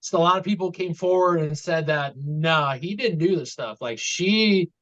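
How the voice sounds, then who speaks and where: A man with a high voice calmly explains background details on a casual wrestling podcast. He speaks in a measured way with some fillers. His mic sounds dull and lo-fi. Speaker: podcast co-host.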